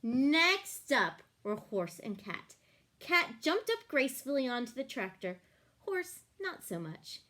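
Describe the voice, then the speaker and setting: A woman reading a picture book aloud to children, pausing to ask them questions. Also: high voice. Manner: animated, asks the listeners questions.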